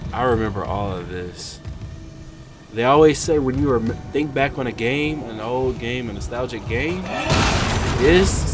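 A man giving casual let's play commentary on a horror game, cursing and yelping whenever something startles him. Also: medium pitch. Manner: excitable, yelps and curses when startled. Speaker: gaming streamer. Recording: loud music under the voice.

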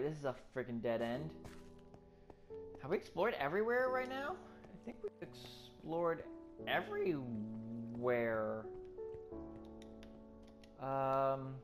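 Exploring a game live, this let's play commentator sounds excitable and curses nonstop, speaking at a medium pitch.

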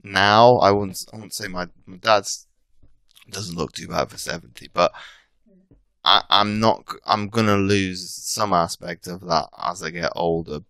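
A British man in his thirties, a coach appearing as a podcast guest, chats casually in a low, slightly slow voice. His tone is sharp and clean, the recording dry, and his sentences ramble loosely with frequent restarts and self-corrections.

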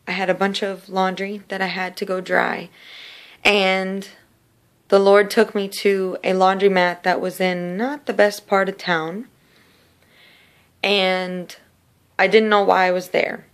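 A woman sharing a personal faith testimony in an earnest, casual storytelling way, often repeating words. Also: medium pitch. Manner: earnest, repetitive, slow in places.

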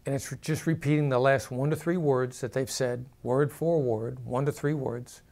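A man, a negotiation expert, explaining technique in a calm, measured talk with deliberate emphasis. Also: mid-range voice.

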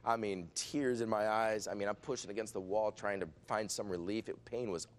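A middle-aged man, a pastor, telling a lively healing testimony as an interview guest, with frequent restarts and acted-out quotes. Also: lowish voice, a little fast. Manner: excitable, restarts often, acts out quoted voices. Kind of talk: animated storytelling testimony.

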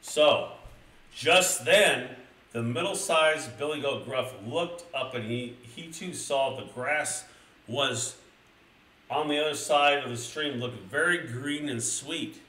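A young man streaming a crude comedic storybook reading, excitably addressing his chat. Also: mid-range voice, slow, far from the mic. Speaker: streamer reading a children's book. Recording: roomy, a little off-mic, faint noise.

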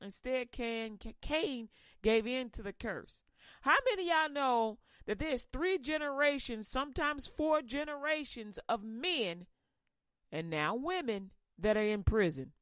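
A woman hosting a comic sermon podcast, preaching in loose street slang. Her voice sits a little high and swings in a lively way. The recording is dry and close. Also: a little slow, no room sound. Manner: animated, slangy, acts out Bible voices. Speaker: host, lay preacher.

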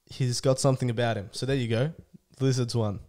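A man's voice: medium pitch, fairly even intonation, brisk, a little mellow. A young man co-hosting a sports podcast, bantering in a wry, teasing way. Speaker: podcast co-host. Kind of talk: casual banter.

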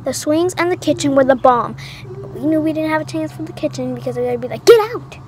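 A young woman at home, telling a personal story for her vlog in an animated, dramatic way with gasps and acted-out lines. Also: high-pitched, fast. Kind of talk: casual storytime. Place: at home, indoors.

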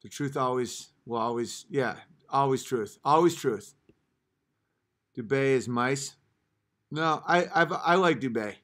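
Speaking at a measured pace with frequent pauses, a man with a mid-range voice rants at his live-stream chat. He is combative and profane, repeating brief phrases while shifting back and forth between muttering and shouting.

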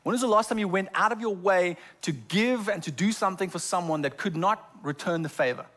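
A male pastor preaches in a church. His voice sits a little high for a man, and he often trips over repeated words before moving on. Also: a little fast, fairly bright tone. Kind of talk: sermon. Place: church sanctuary.

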